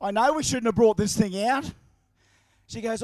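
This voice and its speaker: A man's voice: high voice, a little fast, darkish tone, no echo. An Australian man announcing live at an outdoor event over a handheld microphone, chatty and jokey as he calls out to the crowd. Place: outdoors at a racetrack. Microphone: handheld microphone and horn speaker.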